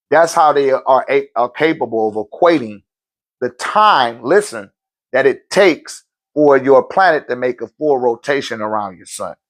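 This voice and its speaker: A man teaching on a live-stream Q&A in loose, slangy talk, often checking in with his listeners. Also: mid-range voice. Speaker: spiritual teacher answering viewer questions.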